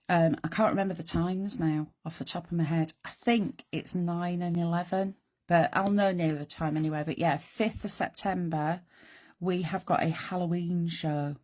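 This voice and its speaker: Her voice lowish, slightly mellow and growing croaky, a middle-aged craft show host talks her way through a live demonstration. She's chatty and pokes fun at herself, narrating her thoughts as she works.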